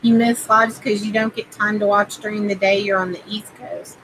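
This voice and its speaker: Speaking at normal speed in a level, fairly bright mid-range voice, an adult mother runs a relaxed card-reading livestream. She rambles with plenty of fillers and says hello to viewers by name, and the rough recording carries slight background noise.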